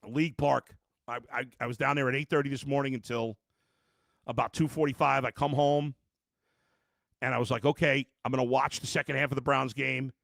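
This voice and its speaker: A man's voice: medium pitch, fairly even intonation, a little fast, creaky, fairly bright tone, no echo. A middle-aged man hosting a live sports podcast, ranting emphatically at viewers with lots of restarts. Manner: addresses viewers directly as folks. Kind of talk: live postgame reaction podcast.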